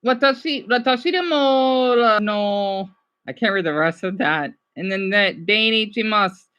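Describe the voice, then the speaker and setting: A woman chatting casually to her viewers in an excitable way, often stumbling over words as she goes. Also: medium pitch, moderate pace, clear, resonant tone, lo-fi sound. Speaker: vlogger.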